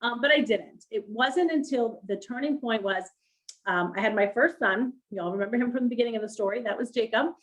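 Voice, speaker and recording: Animated, high-pitched woman telling stories. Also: fairly quick, poor audio. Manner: animated, laughs often, acts out quoted voices. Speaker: guest. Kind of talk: storytelling on a livestream.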